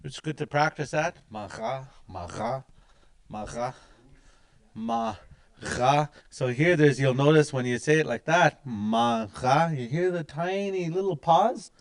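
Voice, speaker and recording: A man's voice: fairly high pitch, moderate pace, few pauses. A man teaching words in a language class, patiently repeating each word many times. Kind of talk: slow, repetitive pronunciation lesson.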